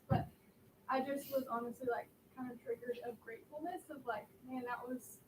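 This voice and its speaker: A high-voiced woman shares in a church group, emotional and close to tears, her talk halting and full of fillers. She sounds distant from the microphone, with clear background noise around her. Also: fairly even intonation, a little mellow, echoey room. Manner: casual, halting, many fillers. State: tearful, emotional.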